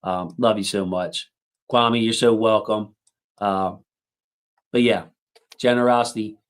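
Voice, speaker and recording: A man's voice: fairly low pitch, fairly even intonation, takes it slowly. A man in his thirties hosting a casual sports livestream, rambling through thanks to his chat with lots of fillers.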